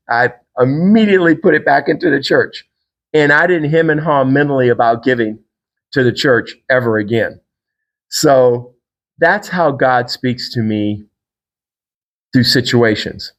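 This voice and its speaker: A middle-aged man hosting a podcast, telling a personal faith story in a casual, animated way and acting out the people he quotes. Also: unhurried, lo-fi sound. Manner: animated storyteller, acts out quotes with big pitch jumps. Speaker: podcast host.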